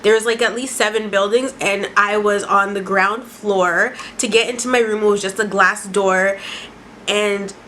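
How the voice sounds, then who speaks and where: A woman in her twenties from Canada, telling a dramatic storytime vlog in a casual, profane, animated way. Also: medium pitch, normal speed, slight background noise, rough recording. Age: 20s. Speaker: vlogger.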